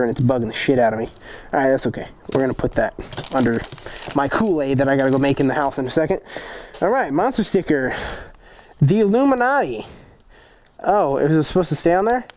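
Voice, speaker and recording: Brief: male vlog host, high-pitched, profane and jokey, unboxing fan mail. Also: a little mellow. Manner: profane, joking, rambling. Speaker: motovlog host.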